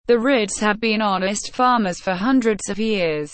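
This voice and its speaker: A woman's voice: mid-range voice, a little slow, no echo, lightly acted. A woman voicing an honest young farmer who speaks plainly and earnestly.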